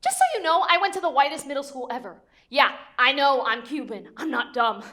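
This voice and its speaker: High-voiced young woman in a comic monologue. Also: fairly quick. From Stamford, Connecticut, US. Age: young adult. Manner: animated, jokey, big swings in pitch and loudness. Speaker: stage performer. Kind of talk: comic autobiographical stage monologue.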